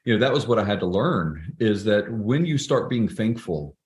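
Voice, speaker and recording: Lowish and darkish in tone, this middle-aged man's voice is animated and moderately paced. He's a guest on a podcast, telling personal stories in a casual interview with an earnest, reflective air and many restarts.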